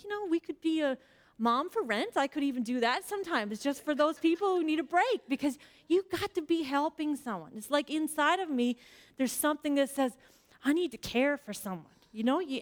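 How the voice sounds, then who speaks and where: Woman, 40s, church speaker, personal sermon, earnest, chatty, higher voice, filler words. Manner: frequent fillers like "like".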